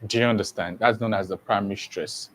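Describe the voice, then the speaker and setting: A man's voice: lowish voice, steady tone, fast talker, fairly bright tone. Man teaching a class. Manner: repetitive, checks understanding often. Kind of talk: exam prep lesson.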